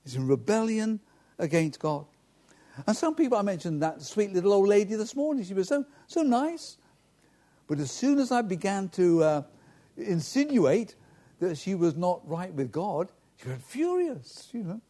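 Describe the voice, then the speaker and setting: A man's voice: sits high, sing-song, normal speed, dark tone. A man, a pastor preaching a sermon directly and earnestly to his congregation.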